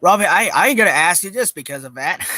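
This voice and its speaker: High, bright-voiced laid-back man. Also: no echo, clean studio sound. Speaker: livestream guest. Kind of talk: casual livestream chat.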